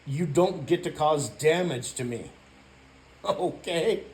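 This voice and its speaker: A man ranting in a casual vlog, rambling and profane, filling every gap with "you know" and now and then breaking into loud shouting. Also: fairly high pitch, animated, slow pace. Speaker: YouTuber.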